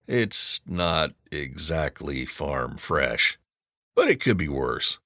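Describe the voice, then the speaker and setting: A man narrating a romance audiobook in the first person, wry and gruff. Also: rumbling low, big pitch swings, takes it slowly, sharp tone, no room sound, clean studio sound.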